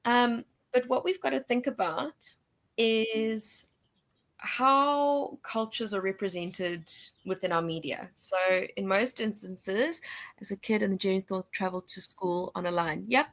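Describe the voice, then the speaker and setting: A woman's voice: medium pitch, unhurried, a bit bright. A South African woman lecturer giving an online class, chatty and self-correcting, asking her students questions. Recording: muffled lo-fi audio.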